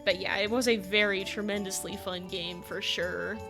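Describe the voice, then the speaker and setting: Over background game music, a woman streams a game live, chatting with viewers and urging her animals along. Her mid-range voice has a steady tone, normal speed, and some vocal fry, and she often breaks into giggles.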